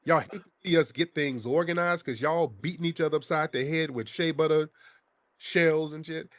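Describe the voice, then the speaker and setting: A man's voice: fairly high pitch, moderate pace, a bit bright, dry recording. A man hosting a call-in show, confronting a caller in a heated, scornful, interrogating way.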